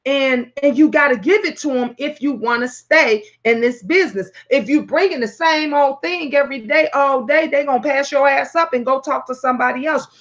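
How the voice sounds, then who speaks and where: A woman hosting her own talk vlog, telling stories in a brash, profane, animated way. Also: sits high, normal speed, hardly any pauses, lo-fi sound. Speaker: talk show host.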